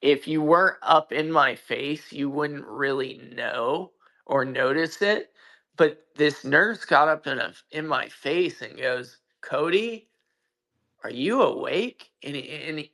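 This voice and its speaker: A man's voice: fairly high pitch, measured pace, pushed and bright. A man telling a personal story in casual chat on an audio call, profane and emphatic, with frequent restarts. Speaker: guest. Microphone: own mic on a social audio call.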